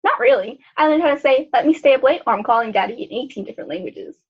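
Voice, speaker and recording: A woman's voice: sits high, lively intonation, quick pace, husky. A young woman playing a sheltered rich girl at her first sleepover in a school skit, with a breezy, matter-of-fact manner. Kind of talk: student skit acting. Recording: dull lo-fi school video audio.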